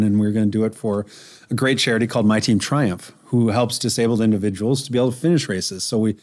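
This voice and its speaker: A man, a firefighter author, telling stories in an interview with lively acted quotes and laughs. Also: mid-range voice. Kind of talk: storytelling interview.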